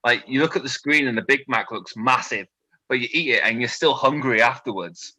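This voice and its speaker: A British man in his twenties doing a stand-up set, delivering deadpan one-liners with nervous asides to a quiet crowd. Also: medium pitch, fairly quick, no echo, low-quality recording. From Britain. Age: 20s. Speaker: stand-up comedian.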